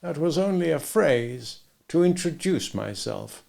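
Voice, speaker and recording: A man voicing a shy, teasing young Russian woman who speaks softly and slowly in an audiobook. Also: a little high, lively intonation, gravelly, voice pushed up, exaggerated voice. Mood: coy.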